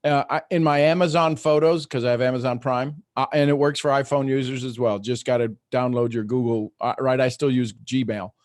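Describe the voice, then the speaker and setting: A man's voice: mid-range voice, steady tone, a little fast, hardly any pauses, no echo, studio quality. A man hosting a call-in talk show, chatting in an easygoing way. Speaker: host.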